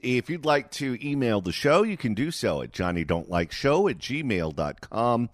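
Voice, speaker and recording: A male talk radio host riffs sarcastically on air, his pitch rising and falling freely. The studio sound is close and dry. He talks in quick banter. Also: dry recording. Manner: animated, sarcastic.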